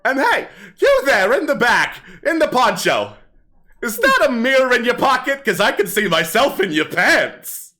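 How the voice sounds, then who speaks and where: A man's voice: extremely high pitch, huge pitch swings, moderate pace, bright, forceful tone, voice pushed up, heavily acted. A man voicing a sleazy male kobold comic who tells corny, crude jokes to a crowd. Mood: smarmy. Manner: brash, corny joke-telling to a crowd. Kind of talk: actual-play tabletop game.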